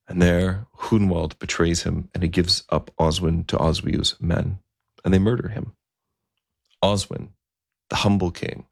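Deep, gravelly man telling a story. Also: dry recording, studio quality. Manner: conversational, unhurried, with fillers. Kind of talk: narrated historical storytelling.

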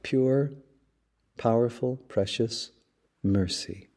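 A priest hosting a podcast, giving a measured sermon-style reflection with dramatic storytelling. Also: male voice, mid-range voice, warm tone.

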